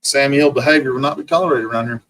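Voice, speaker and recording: A man's voice: mid-range voice, rapid-fire, a bit bright, poor audio. A man ranting profanely on his livestream, mocking rivals over and over and answering chat comments. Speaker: livestream host.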